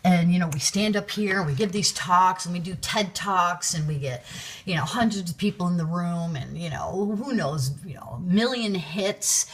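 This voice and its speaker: A woman hosting her own show, talking casually with many fillers. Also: lowish voice. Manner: rambling, filler-heavy, unhurried. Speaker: podcast host. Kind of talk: casual commentary.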